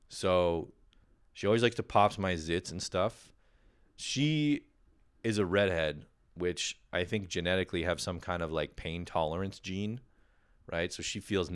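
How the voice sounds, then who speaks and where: A man's voice: low voice, fairly bright tone, clean tone. A man hosting a podcast, delivering a rambling, profane comic monologue full of "you know" and "right.". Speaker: podcast host.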